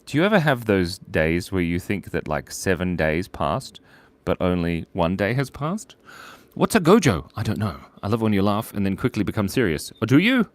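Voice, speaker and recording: A young man hosting a relaxed live drawing stream, laughing at his own silly jokes and greeting viewers by name. His voice sits low but leaps around in pitch with lots of animation. The sound is dry and close, with no room echo. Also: moderate pace. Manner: giggly and playful, reads chat and tells silly jokes. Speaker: livestream host drawing for viewers. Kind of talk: casual live-stream chat.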